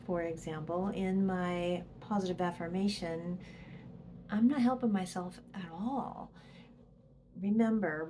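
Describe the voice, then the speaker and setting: A woman's voice: fairly low pitch, darkish tone, a little hiss or hum. A woman presenter giving a casual educational talk to camera, explaining with examples and dropping to a whisper for the inner voice. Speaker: psychologist and presenter.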